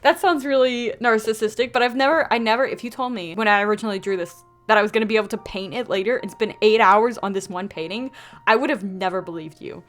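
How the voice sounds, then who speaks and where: A woman's voice: medium pitch, fast talker. A young woman with a Southern US accent, chatting casually and telling stories over her speedpaint video. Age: young adult. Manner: chatty, animated, quotes people in put-on voices. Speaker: artist vlogger.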